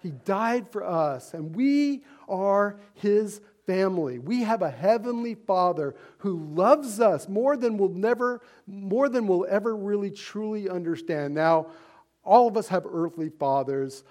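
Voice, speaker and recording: A man's voice: sits high, lively intonation, a little slow, a little mellow. A man preaching a sermon as pastor, earnest and conversational, with rhetorical questions and frequent fillers.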